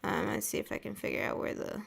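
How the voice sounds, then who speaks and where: A young woman from the United States chatting casually while drawing on a stream, rambling and laughing often. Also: fast talker. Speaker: artist streaming a drawing session.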